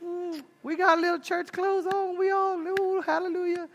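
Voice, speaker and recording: A man putting on the voice of a prim churchgoing woman who acts pious, in a mocking, sing-song falsetto. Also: flat delivery, moderate pace, slight background noise. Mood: sanctimonious.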